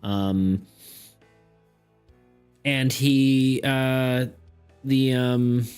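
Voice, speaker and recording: A man's voice: mid-range voice, extremely slow, a little mellow, clean tone. A man running a streamed tabletop game, rambling and hesitant, with self-deprecating asides. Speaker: game master. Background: faint background music.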